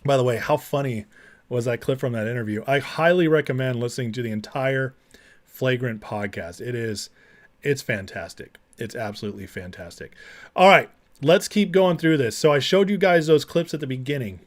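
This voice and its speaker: A man's voice: mid-range voice, moderate pace. A man hosting a livestream, talking casually, reading chat and mocking clips with frequent laughter. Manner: chatty, laughs often, mocking. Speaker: livestream host.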